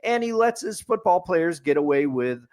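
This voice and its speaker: A man's voice: sits high, sing-song, normal speed, a little mellow. A man co-hosting a casual sports podcast, opinionated and picking things apart point by point. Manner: opinionated, building lists with a repeated refrain. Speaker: podcast co-host.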